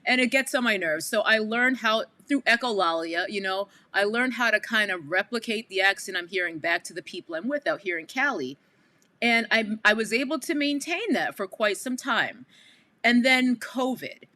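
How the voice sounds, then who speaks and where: Woman, New York accent, bright-toned livestream host, loose and conversational. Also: mid-range voice, animated, moderate pace, no echo. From Queens, New York. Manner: chatty, addresses viewers as y'all, frequent asides. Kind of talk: casual livestream chat. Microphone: headphones with mic.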